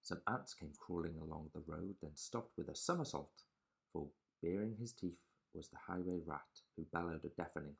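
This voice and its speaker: A man reading a children's picture book aloud in a lively, sing-song storytelling way. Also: deep voice, moderate pace, creaky.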